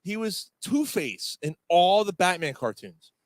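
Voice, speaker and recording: A man's voice: high-pitched, measured pace, crowd noise. A man co-hosting a casual, crude sports pub podcast, telling stories with lots of swearing and acted-out screams. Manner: animated storyteller, swears a lot, acts out screams. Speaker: podcast co-host. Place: bar or pub studio.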